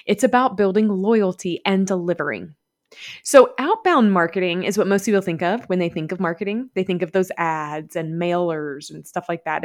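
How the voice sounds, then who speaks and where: A woman with a Southern US accent hosting a podcast, talking chattily and upbeat and laughing often. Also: lowish voice. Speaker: podcast host. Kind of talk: podcast monologue.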